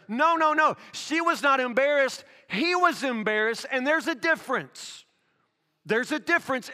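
A man's voice: extremely high pitch, bright, forceful tone, long reverb tail. A man pastor preaching a sermon, telling a story and then pressing his point with emphatic questions. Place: church sanctuary.

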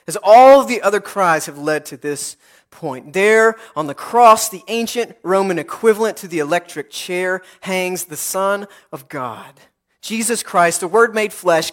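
A man as pastor, preaching a sermon in an earnest, rhythmic way with repeated phrases and dramatic pauses. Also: high voice.

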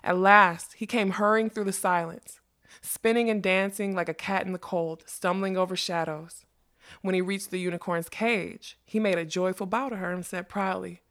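A woman narrating a storybook in a measured, expressive reading voice. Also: on the low side.

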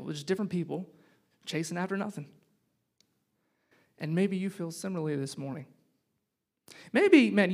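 Pastor, male, high voice, casual sermon, jokey then hushed. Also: vocal fry. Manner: conversational and joking, swinging between loud punchy lines and hushed reflective ones.

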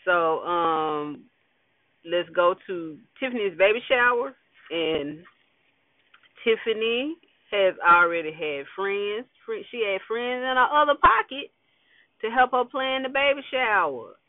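A high-voiced man talks slowly through a show recap in a loose, slangy, wry way, full of fillers and side comments. The sound is dry and thin, like a phone line. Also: animated, no room sound. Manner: slangy, laid-back, wry, with fillers and asides. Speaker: TV episode recapper. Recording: dry tinny phone-like audio.

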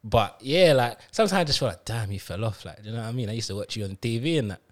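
A man, a podcast co-host telling stories in casual chat, slangy, often dropping his voice low. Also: expressive, rapid-fire.

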